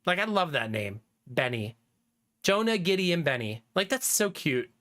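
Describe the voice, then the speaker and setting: A man's voice: high voice, very animated, moderate pace, pushed and bright. A man in his thirties, a livestreamer chatting casually with viewers, reading chat aloud and laughing often.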